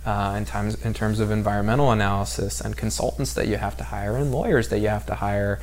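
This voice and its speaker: A man's voice: fairly low pitch, fairly even intonation, fast talker, a little mellow, a little hiss or hum. A man from San Diego in casual podcast conversation, talking in long rambling runs full of fillers and restarts. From San Diego, California.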